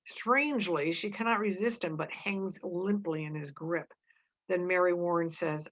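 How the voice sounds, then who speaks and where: Woman reading a play aloud with commentary. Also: lowish voice. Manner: casual, halting, with many fillers and restarts. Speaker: teacher. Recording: dull lo-fi recording.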